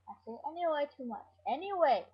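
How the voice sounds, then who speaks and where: A woman's voice: on the high side, animated, measured pace, husky. A woman vlogging at home, chatting in a scattered, giggly and profane way to her webcam. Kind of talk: rambling casual webcam chat. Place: at home indoors. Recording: dull lo-fi webcam audio.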